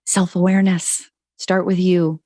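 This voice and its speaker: Chatty middle-aged woman, lower voice. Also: level tone, warm tone, no echo, clean studio sound. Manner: chatty, frequent "like" and "you know", quick laughs. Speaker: podcast guest, parenting author. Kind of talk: casual conversational interview.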